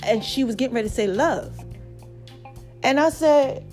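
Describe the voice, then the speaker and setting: A woman hosts her own podcast, chatting her way through a story and speaking right to her listeners, calling them "baby" and "y'all." Her voice sits high with a darkish tone, moving at a normal pace over soft background music.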